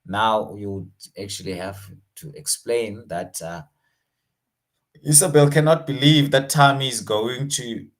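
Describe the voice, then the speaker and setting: A South African man teaching an online exam revision lesson, casual and slangy, switching between languages. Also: medium pitch.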